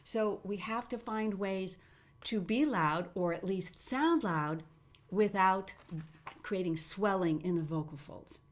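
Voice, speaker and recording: Woman, middle-aged, voice teacher running a webinar. Animated delivery with frequent demos. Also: medium pitch, takes it slowly. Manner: animated, demonstrates sounds with her own voice.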